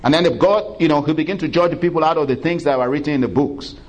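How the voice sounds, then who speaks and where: A man's voice: a little high, quick pace, a little mellow, muffled recording. A man preaching a sermon who retells scripture in a folksy way, with chuckles and frequent "you know" asides.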